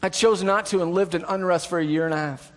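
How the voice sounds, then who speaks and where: A man with a high voice delivers a sermon from the pulpit. He mixes self-deprecating humor into earnest, emphatic exhortation, repeating key phrases for weight. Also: steady tone, fast. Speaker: preacher.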